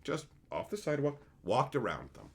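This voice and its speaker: A man ranting casually on a livestream, blunt and heavy on the swearing. His pitch rises and falls a lot as he tells stories in a combative way, and his voice sits in a middle range. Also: wildly swooping pitch, moderate pace, gravelly. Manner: profane, blunt, combative storytelling; acts out quotes with big swings in voice. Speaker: streamer and show host.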